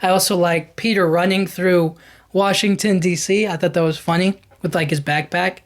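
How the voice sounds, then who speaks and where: A young man talks through a movie's plot as a podcast host, in an easygoing, chatty way. He stumbles and restarts often and speeds up when the action gets exciting. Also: high-pitched, normal speed. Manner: animated retelling with many fillers and restarts. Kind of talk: casual film recap.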